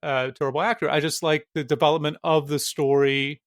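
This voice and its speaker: A man co-hosting a casual film podcast, often pausing on filler words and restarting his sentences. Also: on the high side, little pitch movement, dry recording, clean studio sound. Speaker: podcast co-host.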